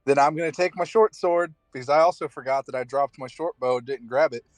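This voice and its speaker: A man's voice: medium pitch, fast, no room sound. A man playing a tabletop game over a call, casual and cursing freely. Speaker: player.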